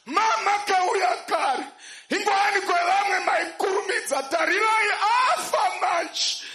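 Male interpreter, high forceful shouted delivery, slight rasp, echoey church hall. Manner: shouting, emphatic.

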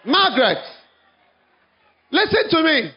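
A man preaching an evangelistic sermon, telling a story dramatically, swinging from hushed to shouting. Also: very high-pitched, big pitch swings, slow, dull audio.

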